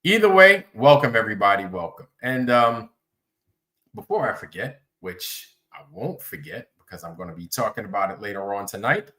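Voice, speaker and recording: A man's voice: lowish voice, sing-song, moderate pace, bright, forceful tone. A man hosting a livestream, chatting casually, rambling and greeting viewers by name. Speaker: livestream host.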